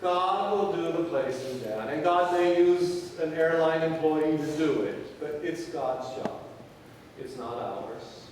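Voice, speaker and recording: A man with a high voice preaches from a distance in a large church, his words ringing through a long, roomy reverb. He tells stories and acts out the voices of the people in them. A faint room ambience sits underneath. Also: slow pace, a little hiss or hum. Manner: acts out quoted voices, drops to quiet for key points. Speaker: pastor. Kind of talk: sermon with storytelling. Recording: echoey church hall from far off.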